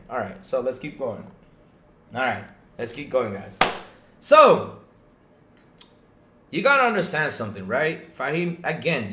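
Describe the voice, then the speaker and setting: A man hosting a casual gaming podcast stream, animated and talking straight to his viewers, often checking in with "right?". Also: medium pitch, reverberant. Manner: animated, talks to chat viewers, lots of "right?" and restarts. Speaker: podcast host. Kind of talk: casual livestream podcast chat.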